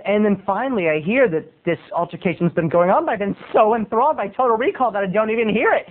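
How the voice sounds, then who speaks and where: A man's voice: high voice, lively intonation, a little fast. A man video blogger telling a rambling comic story in a chatty, playful, digressive way. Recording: tinny phone-like recording.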